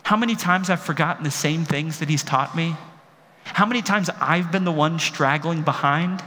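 A man preaching a sermon as pastor, impassioned, moving between quiet reflection and emphatic calls. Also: a little high, moderate pace. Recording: long hall reverb, faint room noise.

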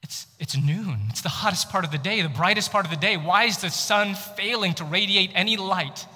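A man preaching a sermon that retells the story vividly in the second person, shifting between loud and hushed delivery. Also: sits high, normal speed, slightly rough. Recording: long hall reverb.

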